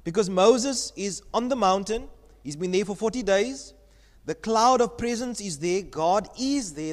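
A male pastor preaching a sermon, reading scripture and asking the congregation questions as he teaches. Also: sits high. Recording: church hall reverb.

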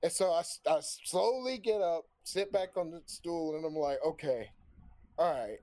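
Male storyteller, slightly high pitch, animated and profane, plays out the dialogue of his own anecdote. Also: normal speed. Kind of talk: casual storytelling on a stream.

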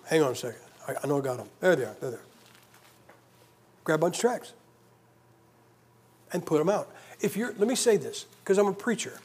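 Husky man preaching emphatically. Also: fairly high pitch, lively intonation, brisk, long pauses, darkish tone. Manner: conversational, emphatic, joking asides. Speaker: guest preacher. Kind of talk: sermon.

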